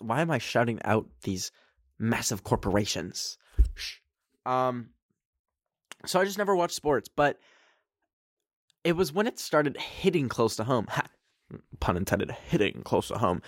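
A man's voice: medium pitch, expressive, moderate pace, no echo, studio quality. A young man hosting a casual solo podcast, goofy and rambling with lots of fillers and laughs. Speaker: podcast host.

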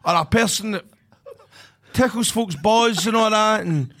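A Scottish man with an Ayrshire accent co-hosting a podcast in casual chat, excitable, loud and swearing often. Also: high-pitched, unhurried, vocal fry. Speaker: podcast co-host.

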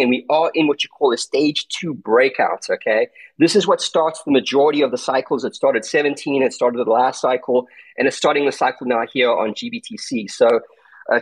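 A man with a South African accent talks through his market view with steady emphasis, checking in with "okay?" and "right?". His voice is husky and sits at an ordinary middle pitch. He speaks in a loose, conversational way, as in an online audio room. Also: rough recording. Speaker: crypto trader and guest speaker.

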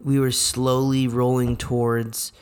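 A man's voice: mid-range voice, flat delivery, slow pace, darkish tone, clean tone. A young man co-hosting a podcast, chatting casually in a rambling way with lots of fillers. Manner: rambling, full of fillers like "you know what I mean". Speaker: podcast co-host. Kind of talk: casual chat.

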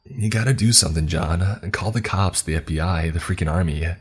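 A man's voice: sits low, brisk, breathy edge. A man voicing the narrator's frightened female friend, speaking urgently and in exasperation. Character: panicked young woman, the narrator's friend.

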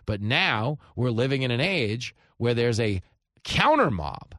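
A man, hosting a talk radio show with animated, sarcastic commentary. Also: medium pitch, unhurried, no echo, studio quality. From New York.

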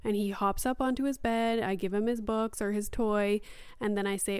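A woman's voice: mid-range voice, steady tone, normal speed, a little mellow, clean tone, no room sound, clean studio sound. A young woman and mother casually telling a parenting story on a podcast in a chatty, upbeat way. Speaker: podcast host sharing parenting experience. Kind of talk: casual chat.

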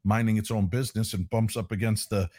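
A man's voice: on the low side, fairly quick, no room sound, studio quality. A middle-aged man, a paranormal investigator, telling stories in a casual interview and animatedly acting out the voices he quotes. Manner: animated storyteller who acts out quoted voices.

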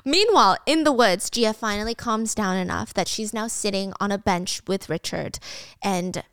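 A woman's voice: mid-range voice, moderate pace, fairly bright tone, clear, resonant tone, no echo, studio quality. A young woman retelling a drama in a casual, chatty way, with slangy asides and frequent laughs. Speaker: drama recap host. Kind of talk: casual storytelling recap.

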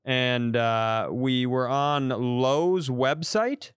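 A man's voice: medium pitch, drawn-out words, clean tone. A man co-hosting a comedy podcast, telling stories with frequent laughter into a close studio mic. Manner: giggly, animated storytelling. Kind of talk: casual comedic chat.

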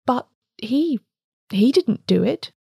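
A man's voice: high-pitched, steady tone, moderate pace, a little mellow, no echo, clean studio sound. A woman voicing a frightened, guilt-stricken young clergyman who speaks tremulously in an audiobook reading. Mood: anguished. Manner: tremulous, anguished.

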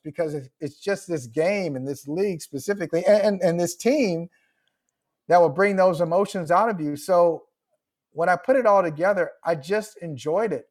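A man's voice: high-pitched, moderate pace, darkish tone. A man who is an author, answering podcast questions remotely in a reflective, emotional way and laughing often. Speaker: author guest. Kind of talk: podcast interview.

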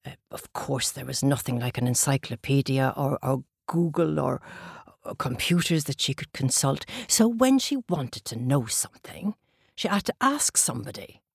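Husky, deep-voiced woman storyteller. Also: expressive, dry recording, clean studio sound. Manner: slow, dramatic pauses. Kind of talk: oral storytelling for children.

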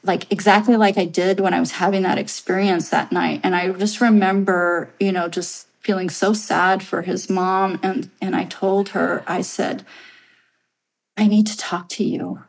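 A woman's voice: on the low side, little pitch movement, normal speed, gravelly, hardly any pauses, poor audio. A woman in her late thirties telling a personal story as a podcast guest, earnest and rambling, with many fillers and restarts.

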